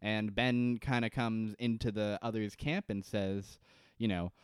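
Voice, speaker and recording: A man's voice: fairly low pitch, unhurried, clear, resonant tone, dry recording, studio quality. A young man co-hosting a podcast, casually recapping a TV episode and acting out characters' lines with lots of laughter. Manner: animated, acts out characters' lines, laughs often. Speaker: podcast co-host.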